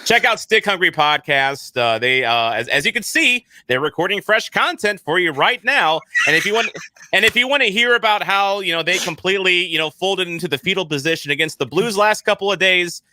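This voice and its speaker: A male podcast host chatting casually, his pitch swinging widely as he rambles and trips over his words. His voice is bright and a little forceful, and the sound is close and dry. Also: animated, a little fast, no room sound. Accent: St. Louis. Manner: rambling, self-deprecating, stumbles and repeats words.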